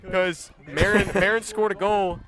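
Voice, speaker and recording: A man's voice: high-pitched, steady tone, unhurried, crowd noise. Young man, upbeat student color commentator. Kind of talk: student sports broadcast commentary.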